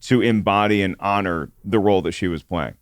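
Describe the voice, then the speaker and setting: A man co-hosts a casual chat, his voice smooth and resonant in a dry, close recording. He thinks aloud, hesitating and restarting sentences as he works through his points. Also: low-pitched, fairly quick, dry recording. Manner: thoughtful, hesitant, many restarts. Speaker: co-host.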